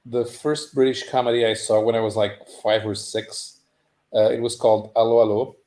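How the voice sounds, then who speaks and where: A man's voice: mid-range voice, flat delivery, moderate pace, mellow, reverberant. A man on a casual talk podcast, explaining things at length with frequent restarts. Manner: long explanations with many restarts. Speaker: podcast panelist. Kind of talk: casual chat.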